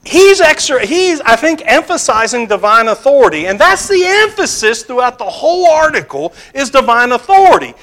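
A man teaching a Bible class, putting questions to the students and pausing with fillers. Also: very high voice, sing-song, fairly bright tone.

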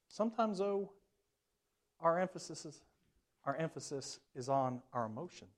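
A man teaching a Bible class, reading verses aloud with stress on key words and putting questions to the group, at times dropping very soft. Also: very high voice, very animated, unhurried. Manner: reads verses aloud with emphasis, then asks the class questions; level swings widely, dropping very soft at times. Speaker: preacher.

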